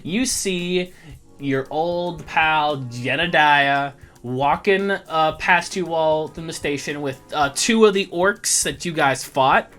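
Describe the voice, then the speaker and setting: A relaxed game master describing scenes in a loose, filler-heavy ramble. The voice sits at a middling pitch, with soft music faintly under it. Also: slow pace. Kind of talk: casual tabletop game narration.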